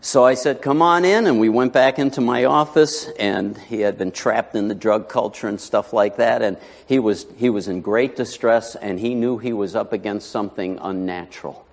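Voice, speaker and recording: A man's voice: lowish voice, moderate pace, few pauses. Male pastor preaching in a reverberant hall. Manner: storytelling, folksy asides, rising to emphatic preaching. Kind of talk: sermon. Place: church sanctuary.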